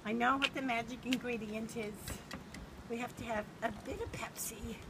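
Older lady doing a high swooping tv chef voice, fluttery and bossy, noisy home video. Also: fairly even intonation, normal speed, lightly acted. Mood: playful. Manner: fluttery, exclaiming, bossy with helper. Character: impression of a famous warbly older woman TV chef. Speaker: grandmother hosting a mock cooking show. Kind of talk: playful mock cooking demo. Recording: home video with loud background noise.

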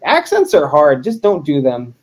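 A man's voice: on the high side, wildly swooping pitch, normal speed. A man, a wrestler as interview guest, chatting casually in a joking, self-deprecating way.

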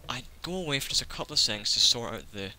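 Sharp-voiced gamer, sarcastic. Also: male voice, mid-range voice, expressive, fast talker, soft background music. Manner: sarcastic, joking asides to the game. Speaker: let's play gamer. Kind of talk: casual gameplay commentary.

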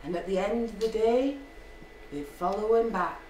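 A woman's voice: medium pitch, moderate pace, darkish tone, distant mic, a little hiss or hum. A Scottish woman storyteller telling a folk tale live, playful, with asides, in an echoey storytelling hall.

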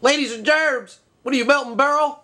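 A man's voice: very high-pitched, brisk, bright, forceful tone. A man playing the straight man in a comedy skit, correcting and needling with an exasperated tone. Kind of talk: comedy banter.

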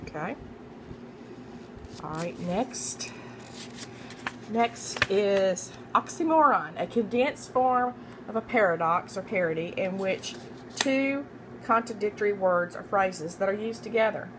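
A woman's voice: medium pitch, animated, slow, pauses often. A young woman reads through her study notes in a mid-range voice, repeating each term and spelling names out letter by letter. She often stumbles over words and corrects herself, with fillers in between. A faint hiss sits behind her voice. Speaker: student making a study guide. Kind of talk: reading study notes aloud.

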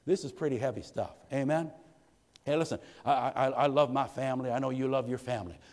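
A man's voice: medium pitch, brisk, darkish tone, long reverb tail. A man preaching a sermon as pastor, calling out "amen" to the congregation and swelling into impassioned peaks. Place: church sanctuary.

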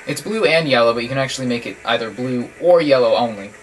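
A man casually commentating while he plays a video game, chatty and joking with sudden excited yelps. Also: medium pitch, quick pace, a little hiss or hum. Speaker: guest player commentating. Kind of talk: casual let's-play commentary. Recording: from a distance with game music behind.

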